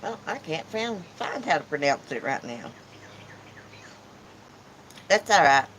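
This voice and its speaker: A woman chats to her livestream viewers from an outdoor porch, greeting them by name and teasing them. Her voice is low-set but bright and forceful, with faint outdoor noise behind her. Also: sing-song, slow, low-quality recording. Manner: chatty, teasing, reads chat aloud. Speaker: channel host. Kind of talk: casual livestream chat.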